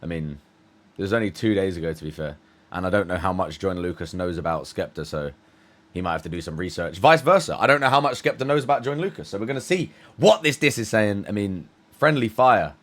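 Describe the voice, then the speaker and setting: A man's voice: low-pitched, lively intonation, fast talker, fairly bright tone. A man from the UK hosting a reaction video, chatting casually and hesitantly with many restarts. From United Kingdom. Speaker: reaction channel host.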